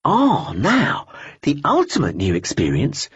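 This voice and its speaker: A man's voice: on the high side, huge pitch swings, unhurried, slightly rough, dry recording, muffled recording, pitched above the performer's own voice, full character voice. Brief: an eager, preachy young zealot, as a man puts him on, lifted and swooping, audiobook. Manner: gushing, sermonizing.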